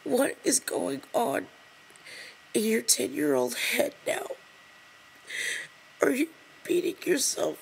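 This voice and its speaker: A woman reading an open letter aloud to the camera while crying, halting and breaking off to apologize. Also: high voice, sing-song, vocal fry, slight background noise, poor audio. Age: adult over 20. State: crying, tearful. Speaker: vlogger.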